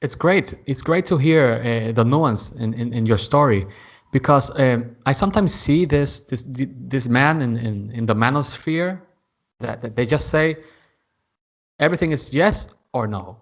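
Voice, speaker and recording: A man's voice: mid-range voice, lively intonation, measured pace. Hesitant man hosting a podcast. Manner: hesitant, repeats words, searches for English words. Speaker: podcast host. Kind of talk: casual podcast interview. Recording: slightly muffled audio.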